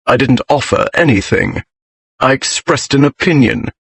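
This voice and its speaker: A man's voice: medium pitch, expressive, normal speed, creaky, husky, heavily acted. A man voicing a grim aristocratic English lord who speaks in a bored, dry and scornful way, in an audiobook reading.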